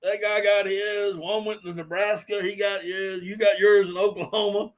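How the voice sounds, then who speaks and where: A man hosting a casual live stream, laughing helplessly between drawn-out exclamations as he chats with viewers. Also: high-pitched, flat delivery. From Southern US. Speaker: host.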